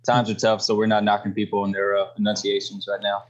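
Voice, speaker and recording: A Louisiana man with a Cajun accent speaks as a podcast guest, laid-back and matter-of-fact. His voice is low and flat, with little rise and fall. The remote audio sounds dull and lo-fi. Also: fast talker. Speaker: podcast guest, company co-founder. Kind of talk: casual podcast chat.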